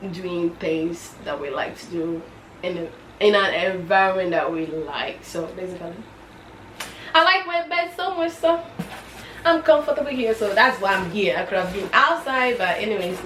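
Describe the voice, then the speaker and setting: A woman chatting casually in an unboxing vlog, excitable and squealing with delight, recorded in her bedroom. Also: fairly low pitch, normal speed, distant mic, noisy background. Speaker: vlogger. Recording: roomy echo, off-mic, faint ambience.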